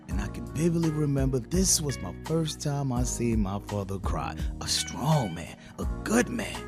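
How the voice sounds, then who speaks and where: Man, animated storytime narration, wildly swinging pitch, dramatic delivery, music behind. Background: background music.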